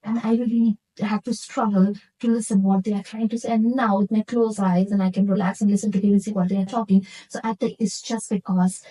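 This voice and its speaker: This woman from India is a nurse holding a casual interview conversation, sincerely reflecting on things she has lived through. She has a medium-pitched, warm voice, heard through a rough recording.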